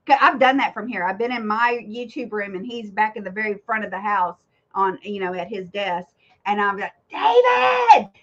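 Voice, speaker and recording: A woman, giggly and animated as she tells stories in a casual chat. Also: mid-range voice, a little fast. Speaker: co-host of a vintage-selling chat stream. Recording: muffled lo-fi stream audio.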